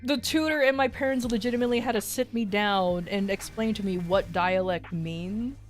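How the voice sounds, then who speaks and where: Faint music plays behind a woman speaking at medium pitch and normal speed. She has an American accent and is chatting casually on a stream, wandering through a story with plenty of swearing and frequent laughter.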